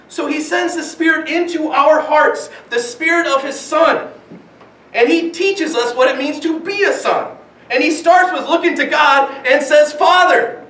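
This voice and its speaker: A pastor with a very high, fairly bright voice delivers a sermon from the pulpit, piling up rhetorical questions and repeating key phrases for emphasis. He sounds distant in a roomy church sanctuary, with heavy echo around his words.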